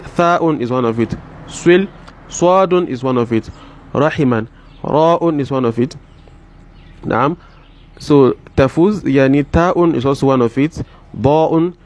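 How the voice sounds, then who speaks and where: A man teaching a lesson, repeating example words slowly and deliberately, with many fillers and restarts. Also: mid-range voice, darkish tone. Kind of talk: explaining a text line by line.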